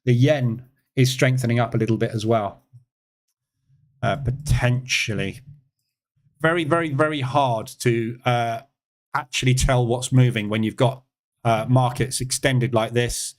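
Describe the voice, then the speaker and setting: A man's voice: medium pitch, steady tone, unhurried. An English man hosting a live trading session, chatting casually as he answers viewers' questions and reads charts aloud. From England. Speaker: trading room host.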